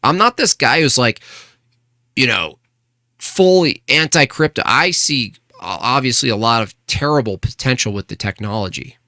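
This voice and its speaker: Bright-voiced man arguing on a stream. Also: mid-range voice, lively intonation, moderate pace, no room sound, clean studio sound. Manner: argumentative, rhetorical questions, restarts. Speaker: streamer reading chat. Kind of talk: casual live-stream rant.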